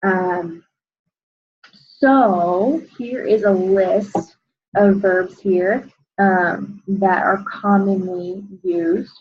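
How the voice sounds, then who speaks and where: A young adult woman, a Spanish teacher, walking students through an exam review and filling pauses with frequent "um"s. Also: mid-range voice, fairly even intonation, husky, lo-fi sound. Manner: explanatory, many "um" fillers.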